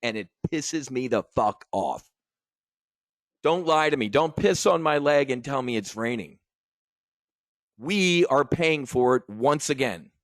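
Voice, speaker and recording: This trading educator, a middle-aged man from the United States, has a gravelly, fairly high voice recorded cleanly in a studio with no echo. Addressing viewers in an emotional, furious rant, he curses and trips over false starts.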